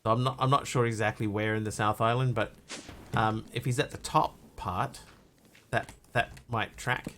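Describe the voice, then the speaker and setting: A man from New Zealand with a New Zealand accent tinged with Australian, chatting casually while he streams a game and reads chat aloud, in a halting, rambling way. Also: fairly low pitch, fairly even intonation, bright, forceful tone, a little hiss or hum. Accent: New Zealand, with some Australian.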